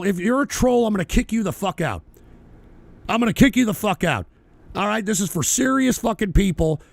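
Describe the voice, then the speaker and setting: A man with a very high voice and a gravelly edge rants angrily as host of his own talk show. He swears constantly, and his delivery swings between a low grumble and outright shouting. The sound is close and dry, with no room around it. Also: no room sound. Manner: profane, ranting, often shouting. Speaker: podcast host. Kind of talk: angry political rant on a talk show.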